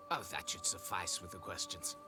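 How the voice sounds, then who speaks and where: A man's voice: sits low, animated, moderate pace, music in the background. An actor voicing a pompous, haughty middle-aged nobleman who owns a vineyard, in video game dialogue. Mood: aloof. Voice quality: pompous, condescending.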